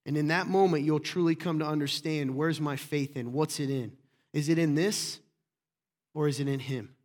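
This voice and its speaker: A middle-aged man preaching a sermon as a pastor, passionate and emphatic, often rising into loud bursts. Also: a little high, steady tone, normal speed.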